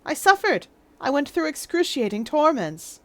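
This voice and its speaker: Woman doing a whiny, aggrieved gentleman. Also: high-pitched, sing-song, moderate pace, voice pushed up. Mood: self-pitying. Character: aggrieved male murder victim, self-pitying.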